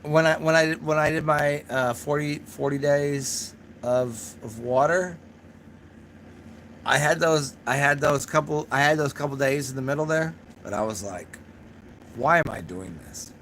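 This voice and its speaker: A man's voice: fairly high pitch, unhurried, fairly bright tone, slight background noise. A young man hosting a casual livestream, talking to his chat in a rambling, profane way, a little drunk and laughing at his own jokes. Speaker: channel host answering live chat.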